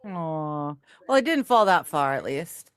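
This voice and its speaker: Slow-talking woman, low and relaxed. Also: smooth. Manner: laid-back, laughs along. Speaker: stream co-host. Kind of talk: casual chat.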